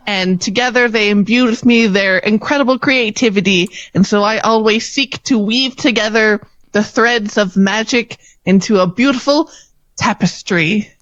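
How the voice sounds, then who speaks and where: A woman's voice: mid-range voice, moderate pace, a bit bright, dry recording, highs cut off, natural voice. A woman doing a gushing, prim fey contestant. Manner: sweet, breathless, rambling.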